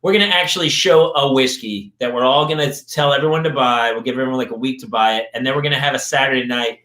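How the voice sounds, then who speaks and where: A man's voice: medium pitch, fast, sharp tone. A man hosting a podcast in casual chat, joking with his guests and wrapping up the show. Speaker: podcast host. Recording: roomy echo.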